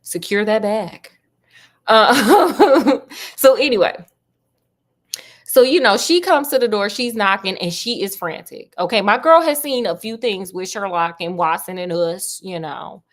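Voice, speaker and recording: A woman's voice: mid-range voice, lively intonation, unhurried. A woman casually retelling a classic detective story with slang and teasing asides.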